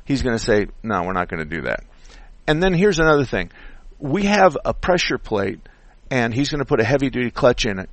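A middle-aged man hosting a call-in car repair radio show, explaining bluntly and getting animated when he disagrees. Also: mid-range voice, no echo. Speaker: radio show host and auto mechanic.

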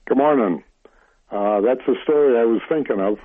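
A male caller joins a radio show over a tinny phone line. He speaks in a mid-pitched voice with a friendly, brief greeting. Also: moderate pace.

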